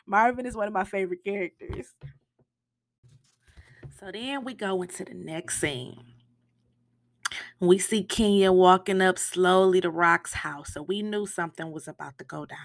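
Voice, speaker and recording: A woman's voice: medium pitch, steady tone, unhurried, dry recording, studio quality. A woman recapping a TV episode in a casual, emotional monologue with slang and cursing, acting out lines from the show. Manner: acts out quotes from the show, sometimes in a hushed voice. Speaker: TV recap podcaster.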